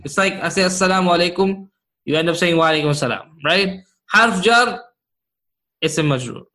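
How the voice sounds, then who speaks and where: High-voiced man teaching slowly. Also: pushed and bright. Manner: repeats key points and checks understanding with "right?" and "okay?". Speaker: Arabic grammar teacher. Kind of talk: classroom lesson explaining Quranic grammar.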